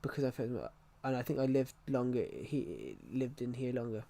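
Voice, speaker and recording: A male game streamer who chats loosely with viewers and answers whatever they ask. His voice sits at a middle pitch, and he talks in an easygoing, rambling way. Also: sing-song, moderate pace, creaky, warm tone. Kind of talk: casual livestream chat.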